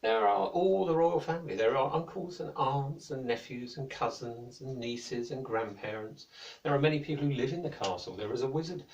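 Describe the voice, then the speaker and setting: A British man narrating a children's story in a gentle, playful, lilting way. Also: medium pitch, normal speed, highs cut off, a little hiss or hum. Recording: echoey room, mic at a distance.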